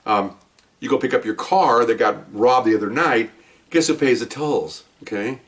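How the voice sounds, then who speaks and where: A police officer tells stories from the job in a casual monologue, sounding far from the mic with a medium-pitched, slightly bright voice at a moderate pace. He's emphatic and keeps tagging his points with "okay?"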